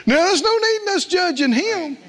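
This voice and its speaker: A middle-aged preacher with a drawl delivers a sermon in a very high voice. His pitch swings widely as he tells stories and puts questions to the congregation. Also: normal speed, slight background noise. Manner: animated storytelling preacher, asks the congregation questions. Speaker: pastor.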